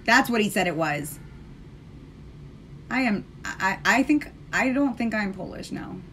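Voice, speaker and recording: Sassy, chatty woman with a bright voice. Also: medium pitch, animated, a little slow, a little hiss or hum. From United States. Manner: chatty, sassy, talks straight to viewers. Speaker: live-stream host doing her makeup. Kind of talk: casual live chat.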